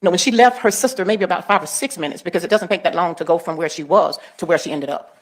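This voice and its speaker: A woman's voice: on the low side, quick pace. A woman school officer testifying in court, giving short careful answers and plain explanations. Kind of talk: witness testimony.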